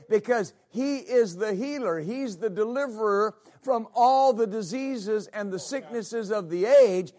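A male pastor preaching a sermon, emphatic and repetitive, often calling out amen. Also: high-pitched. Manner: emphatic, repeats words, calls out amen.

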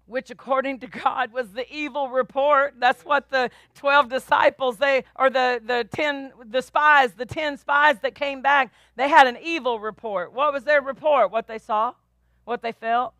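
High, bright-voiced woman pastor preaching. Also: fairly even intonation, unhurried, dry recording. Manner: emphatic, repetitive, call-and-response. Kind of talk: sermon.

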